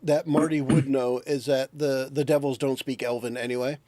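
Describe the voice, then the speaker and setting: A man narrating as game master, explaining the scene in a relaxed way. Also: mid-range voice, moderate pace, no echo.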